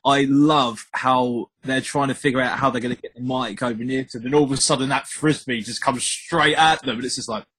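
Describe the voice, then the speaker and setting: A man's voice: medium pitch, steady tone, fairly quick, hardly any pauses, pushed and bright, breathy edge, poor audio. A man co-hosting a podcast, enthusing about favourite scenes with amusement. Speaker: podcast co-host. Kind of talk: casual chat.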